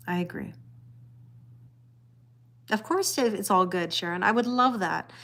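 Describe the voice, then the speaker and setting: With a medium-pitched, slightly bright voice and an unhurried pace, a middle-aged tarot reader runs a relaxed livestream. She talks to her audience, reads out their comments, laughs a lot, and says her phrases more than once.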